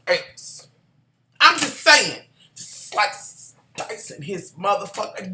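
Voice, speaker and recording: A vlogger recapping a TV episode in a sassy, profane, animated rant. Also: medium pitch, slow pace, a little hiss or hum. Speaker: TV show reviewer. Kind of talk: casual ranting recap. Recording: echoey room.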